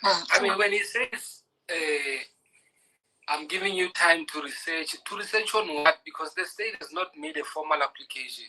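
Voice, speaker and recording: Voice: mid-range voice, moderate pace, bright, forceful tone, rough recording. A podcast host moderating a casual panel, easygoing and handing the floor to guests. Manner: easygoing, hands the floor to others.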